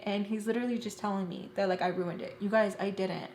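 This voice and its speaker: Woman, storytime vlogger, casual emotional retelling, mid-pitched voice, roomy echo. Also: fairly even intonation, darkish tone, a little hiss or hum. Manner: emotional, rapid retelling full of "like". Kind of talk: casual storytime while doing makeup.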